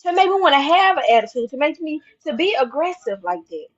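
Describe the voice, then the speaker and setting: A woman with a high-pitched voice pours out her testimony with a preacher's fervor. She repeats key lines for emphasis and moves between low, hushed stretches and loud, soaring ones. The recording is dull and lo-fi. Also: big pitch swings, fast. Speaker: mother speaking out on her own channel. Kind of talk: impassioned spoken testimony.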